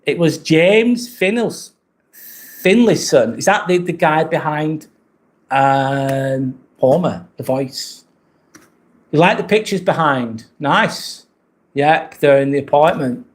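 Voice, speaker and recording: An English-accented man hosts a live stream from a rented apartment. He talks casually at a middle pitch, rambling a little, and stops often to answer viewers' comments. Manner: chatty, reads out viewer comments and answers them.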